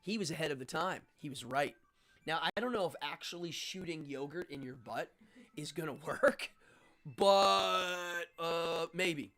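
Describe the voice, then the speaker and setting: A man hosting a casual livestream, rambling and excitable, laughing often and reacting out loud to chat messages. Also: a little high, measured pace, soft background music. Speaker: host.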